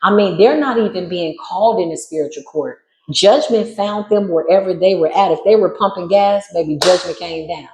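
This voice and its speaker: A woman's voice: on the low side, moderate pace, a little mellow, roomy sound, rough recording. A woman giving a spiritual tarot reading in a sassy, emphatic, preachy way. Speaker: tarot reader.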